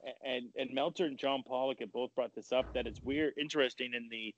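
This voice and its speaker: A man co-hosting a casual talk podcast, animated and blunt, retelling stories with quoted voices and some swearing. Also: medium pitch, brisk, muffled recording. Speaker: podcast co-host. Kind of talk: casual chat.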